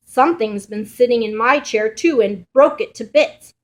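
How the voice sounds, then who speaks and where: An eager little boy bear cub from a storybook, excitable and wide-eyed, as a woman reads him aloud. He gets excited and is sure a monster or an alien has been in the house. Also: a little high, normal speed, lightly acted.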